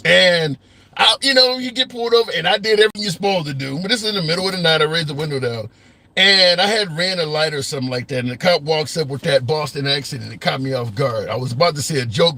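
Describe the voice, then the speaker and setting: High, bright-voiced male talk host. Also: quick pace. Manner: conversational, opinionated, thinks aloud with restarts. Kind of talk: live call-in talk stream. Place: car. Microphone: phone.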